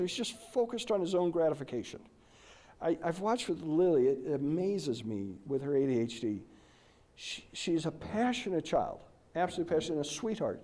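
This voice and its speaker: A middle-aged man giving a presentation, telling animated stories and posing questions to the audience. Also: fairly high pitch. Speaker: lecturer. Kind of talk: conference presentation.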